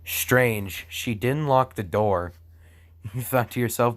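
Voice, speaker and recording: A young man reads a badly written fan story aloud in a slow, unhurried way, stopping for dry sarcastic remarks. His voice sits at an ordinary middle pitch, and he laughs easily and trips over lines. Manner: sarcastic asides, frequent laughter, stumbles over words. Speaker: fan fiction reader. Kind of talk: comedic reading with commentary.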